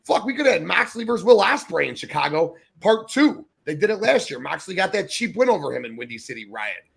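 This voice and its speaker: A man co-hosting a casual wrestling debate podcast, talking excitedly, with emphatic praise and frequent swearing. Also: sits high, a little fast, gravelly, husky. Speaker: podcast co-host.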